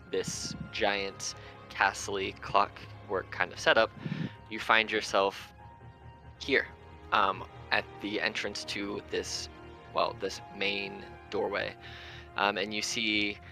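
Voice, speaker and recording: A man's voice: lowish voice, vocal fry, sharp tone. A man narrating a tabletop game as game master, loose and full of ums.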